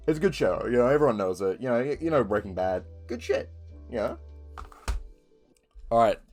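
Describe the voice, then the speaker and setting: A man's voice: mid-range voice, darkish tone. A young man with a New Zealand accent chatting casually, rambling with lots of ums and swearing. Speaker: video creator. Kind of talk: casual chat.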